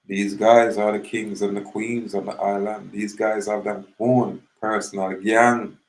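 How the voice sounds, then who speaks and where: Jamaican man, low gravelly voice, rambling casual commentary in patois, recorded in an echoey room. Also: level tone, a little slow. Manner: rambling, mixes patois with English, acts out little scenes.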